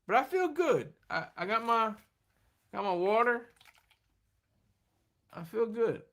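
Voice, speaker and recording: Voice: medium pitch, very animated, takes it slowly, fairly bright tone. A livestream host chatting casually and rambling, laughing often and answering comments from the chat while running on fumes.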